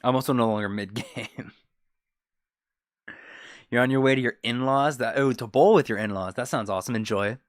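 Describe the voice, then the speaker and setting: A man's voice: mid-range voice, normal speed, pauses often. Laid-back man chatting on a game stream. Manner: laid-back, reads chat aloud and jokes. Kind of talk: casual live-stream chat while gaming.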